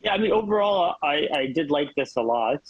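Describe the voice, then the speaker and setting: A podcast co-host, a man with a husky, slightly high voice, thinking aloud in casual chat. His sound is dull and dry, as from a lo-fi remote line. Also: expressive, brisk, no room sound.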